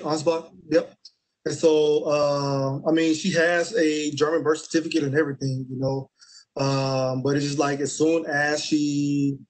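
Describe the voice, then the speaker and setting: Easygoing young soldier, many fillers. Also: male voice, a little high, rough recording. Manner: relaxed, many fillers and restarts. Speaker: Army staff sergeant recruiter. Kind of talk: answering interview questions.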